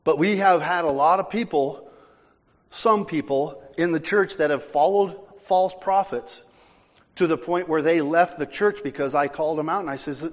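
A man preaching a sermon as pastor, emphatic and forceful, with casual asides. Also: high voice, animated, moderate pace. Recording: long hall reverb.

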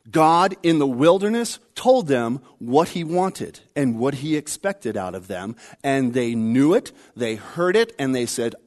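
A man preaching a sermon, repeating his key phrases, rising for emphasis and then dropping low and quiet. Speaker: pastor.

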